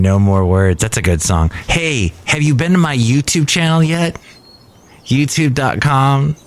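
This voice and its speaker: A man in his fifties hosting a casual podcast from a cafe, rambling and self-deprecating, thinking aloud as he goes. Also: fairly low pitch. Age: 50s. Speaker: podcast host. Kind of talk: casual nostalgic podcast chat.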